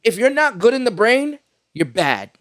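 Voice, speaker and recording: High-voiced New York man ranting. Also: normal speed. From New York City. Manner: animated ranting with profanity and street slang. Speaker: podcast host. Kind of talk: casual podcast chat.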